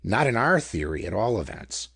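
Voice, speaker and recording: Calm, insistent gentleman theorist with a gravelly tone, voiced by a man. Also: fairly low pitch, moderate pace, no echo, studio quality, heavily acted. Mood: earnest.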